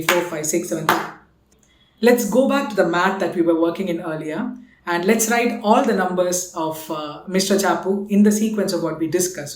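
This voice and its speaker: A woman's voice: on the low side, roomy sound. A woman with an Indian English accent, patiently explaining and counting out a rhythm lesson and reciting konnakol syllables. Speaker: music teacher.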